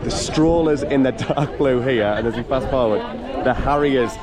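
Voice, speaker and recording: Out of breath on a hilly woodland trail, a man from North East England vlogs his run with casual, cheery commentary, laughing a lot and saying hello to fellow runners. He speaks in a mid-range voice at a moderate pace over a noisy crowd.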